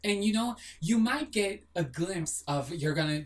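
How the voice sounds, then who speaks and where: A video host with a medium-pitched, expressive voice speaks unhurriedly with few pauses, sounding far from the mic. She gives a blunt, sassy motivational monologue to camera, firing rhetorical questions, swearing casually and jokingly apologizing.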